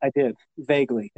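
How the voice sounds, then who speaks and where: A man's voice: mid-range voice, warm tone, husky, dry recording, muffled recording. A man co-hosting a podcast in casual chat, rambling and hesitant and easily flustered. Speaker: podcast co-host.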